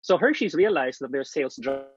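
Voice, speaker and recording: A man giving a presentation on marketing, speaking emphatically, starting phrases high and letting them trail off. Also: expressive, a little fast, slight background noise. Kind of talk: presentation talk. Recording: dull lo-fi dry sound.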